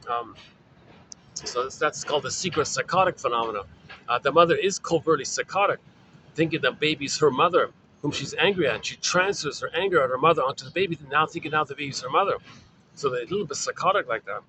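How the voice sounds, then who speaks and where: A man's voice: on the high side, fast talker, noisy background. A man giving an informal spoken lecture, explaining in a repetitive way with many fillers. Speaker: lecturer on psychoanalysis.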